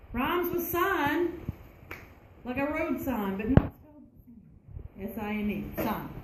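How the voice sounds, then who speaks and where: A woman teacher, leading a classroom lesson and asking the class questions. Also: on the high side. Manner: conversational, asks the class questions. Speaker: math teacher. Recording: echoey classroom, faint room noise.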